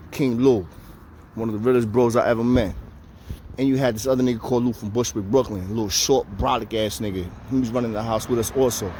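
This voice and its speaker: This storyteller, a man with a mid-range voice, tells a jail story to the camera with animated energy, voicing the people he quotes. His language is profane street slang, casual throughout. Slight background noise can be heard.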